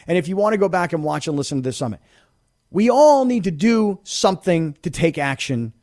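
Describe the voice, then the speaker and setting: A man's voice: fairly high pitch, expressive, a little fast, a little mellow. A man hosting a sports radio show, talking in an emphatic, opinionated monologue and often repeating words as he presses a point. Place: radio studio.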